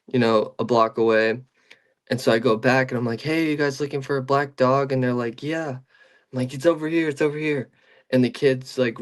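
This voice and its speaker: A young man in casual podcast chat, telling a long story with many restarts and fillers. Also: mid-range voice.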